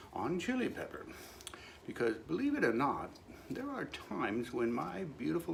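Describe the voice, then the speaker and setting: Male host, comic monologue, gravelly, wry and mock-solemn. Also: on the high side, slight background noise. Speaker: show host.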